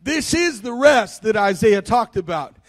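A man preaching a sermon as a missionary, fervent and shouting hallelujahs, quoting scripture in a singsong. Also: high-pitched, animated, measured pace.

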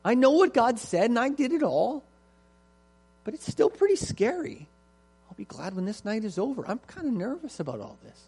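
A man's voice: very high-pitched, sing-song, moderate pace, a little mellow, slightly rough, pitched above the performer's own voice, full character voice. A man voicing a nervous ancient Hebrew father who frets and rambles as he reassures himself. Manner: fretful, rambling, self-reassuring.

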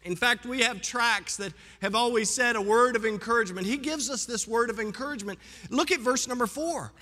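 A man's voice: extremely high pitch, a little fast, pushed and bright. A man, a pastor, preaching a sermon with emphatic, swelling delivery. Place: church sanctuary. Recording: long reverb of a church hall.

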